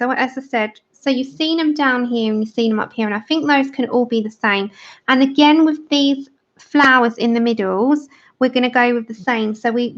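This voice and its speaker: A British woman hosting a livestream, chatting casually with viewers while colouring, laughing often and answering comments. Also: on the high side. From Britain. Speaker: livestream host. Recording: dull lo-fi stream audio.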